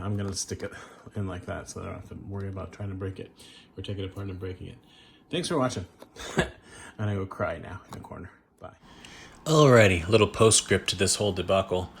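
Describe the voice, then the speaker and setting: A man's voice: sits low, fairly bright tone, a little hiss or hum. A man hosting a casual unboxing vlog at home, talking in a wry, self-deprecating way as he thinks aloud. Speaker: collector and channel host.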